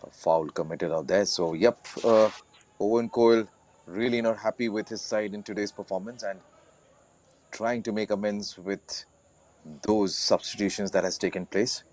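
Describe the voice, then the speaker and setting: A man serving as co-commentator on a live football match, his voice sitting on the low side. He speaks earnestly, sometimes halting mid-phrase. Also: fairly even intonation, a little mellow.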